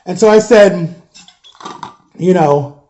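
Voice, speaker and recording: Man, 30s, casual storytime vlog, mellow tone, slightly high voice, quotes both sides of a conversation. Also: slow. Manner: animated retelling, keeps quoting both sides of a conversation. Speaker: vlogger telling a personal story.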